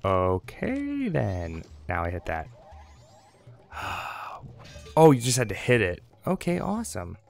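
A man's voice: on the low side, wildly swooping pitch, slow, creaky, faint music behind. A young man hosting a let's play, rambling and joking as he talks to the game and his viewers. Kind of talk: casual gameplay commentary.

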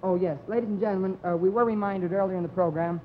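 A young man hosting a live comedy TV show, delivering announcements in a mock-earnest pitchman manner. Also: steady tone, fast, in a large hall, heavy background noise. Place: TV studio stage before an audience. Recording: dull 1950s TV broadcast with loud studio audience.

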